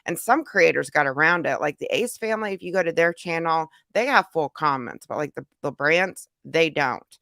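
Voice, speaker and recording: Bright, gravelly streamer woman. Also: low-pitched, normal speed, few pauses, no room sound, clean studio sound. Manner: chatty, reads chat comments aloud. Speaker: reaction streamer. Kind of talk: casual live reaction chat.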